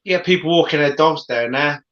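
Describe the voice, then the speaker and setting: A man's voice: on the high side, a little fast, fairly bright tone, lo-fi sound. A man bantering as co-host, blunt and telling stories with casual swearing.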